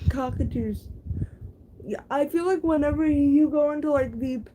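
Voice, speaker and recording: A woman's voice: sits high, unhurried, a little hiss or hum, poor audio. A young woman chatting casually to her viewers, stammering and restarting her words with frequent giggles. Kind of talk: casual chat.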